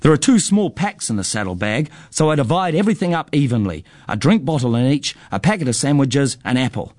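Storyteller man, measured delivery, mid-pitched voice, very dry close recording. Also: very animated, a little mellow, no room sound. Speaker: narrator. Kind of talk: storybook narration.

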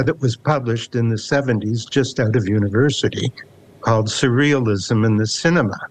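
A man in his seventies with a Canadian accent, a poet speaking in an interview in a reflective, wry way and reading his own verse. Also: medium pitch. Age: 70s. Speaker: poet guest. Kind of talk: casual interview and poetry reading.

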